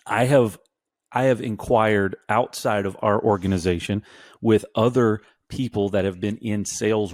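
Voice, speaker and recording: A man with a lowish voice speaks on a business podcast, close on a studio mic in a dry room. He works through his points slowly and deliberately, stopping and restarting sentences as he goes. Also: darkish tone, no echo. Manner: measured, halting, restarts sentences. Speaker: podcast co-host. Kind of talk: casual business chat.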